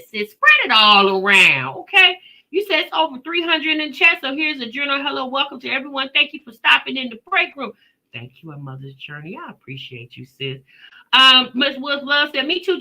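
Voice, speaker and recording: A woman's voice: high voice, bright, forceful tone. A woman hosting a casual livestream, greeting viewers by name and chatting, tired after a day at work. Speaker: reaction channel host.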